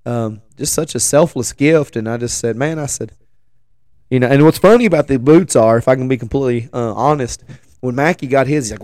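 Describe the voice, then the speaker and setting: A man in his forties with a hoarse voice after the flu, telling a rambling, joking story as a show host. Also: medium pitch, brisk, a little mellow, no echo. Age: 40s. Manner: rambling, self-deprecating, joking asides. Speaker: podcast host. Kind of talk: casual storytelling chat.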